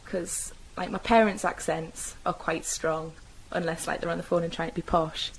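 A woman's voice: fairly low pitch, fairly even intonation, normal speed, a little hiss or hum, rough recording. Chatty woman with a mild Geordie accent. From North East England. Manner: chatty, with frequent fillers and self-corrections. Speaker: interviewee describing her own dialect. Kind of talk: casual personal recollection.

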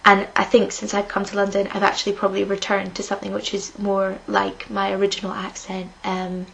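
A young woman from Edinburgh with a slightly lilting Scottish accent, unhurried and soft-spoken, reading a passage and then talking with some hesitation. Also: mid-range voice, monotone, vocal fry, slight background noise, low-quality recording. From Scotland. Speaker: accent study speaker.

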